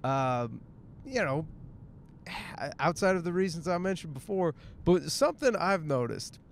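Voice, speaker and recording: A man's voice: on the high side, animated, a little slow, creaky, a little hiss or hum. A man hosts a casual podcast monologue from his car, rambling, joking and swearing freely. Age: 30s. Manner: rambling, profane, jokey. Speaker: podcast host. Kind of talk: casual monologue while driving.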